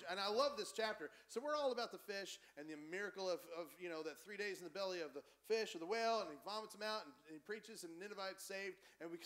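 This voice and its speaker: A man preaching a conversational, animated sermon as pastor in a church. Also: high-pitched. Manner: animated, conversational preaching, acts out quoted voices.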